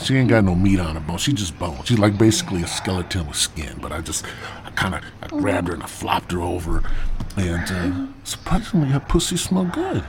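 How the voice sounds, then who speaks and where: A low-voiced man rambles through a crude comic tale, swearing freely. His pitch leaps around as he acts out the story. The recording carries a clear layer of background noise. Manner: profane, rambling, animated retelling. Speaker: podcast host.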